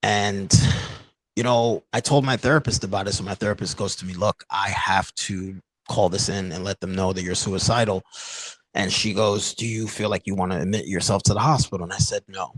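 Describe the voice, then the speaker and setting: A podcast host telling a candid personal story in an earnest, halting way, full of "like" and "you know". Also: male voice, low-pitched, steady tone, no room sound, rough recording.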